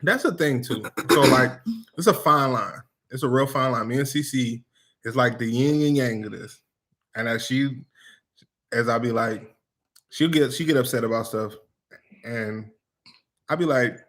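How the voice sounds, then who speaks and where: A man's voice: mid-range voice, measured pace, long pauses. Laid-back man telling stories. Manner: laid-back storytelling with relaxed slang. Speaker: co-host of a family vlog channel. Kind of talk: casual chat.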